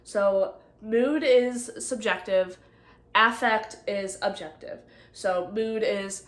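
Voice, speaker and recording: Young woman, slow and halting, walking thru her study notes, lots of likes and ums, echoey room. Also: medium pitch. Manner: halting, many ums and likes, self-correcting. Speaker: nursing student presenter. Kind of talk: casual study walkthrough from notes.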